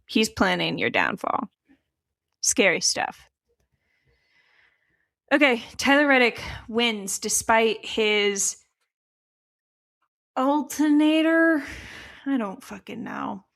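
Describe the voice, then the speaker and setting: A young woman co-hosting a comedy sports podcast, her voice a little high with a gravelly fry. She talks in an animated way, laughs a lot and swears freely. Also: takes it slowly, long pauses. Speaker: podcast co-host. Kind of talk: casual comedic sports chat.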